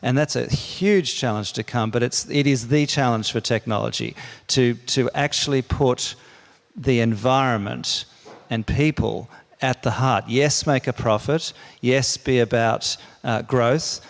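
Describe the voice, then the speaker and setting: An older man with a mid-pitched voice speaks earnestly to a conference audience and keeps restarting his words. A long echo trails after him in the big hall. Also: measured pace. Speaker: keynote speaker. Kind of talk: conference speech.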